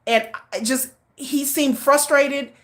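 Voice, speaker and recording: A middle-aged woman hosting a casual livestream, rambling with restarts and repeats in an animated way. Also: high voice, slow pace. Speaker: livestream host.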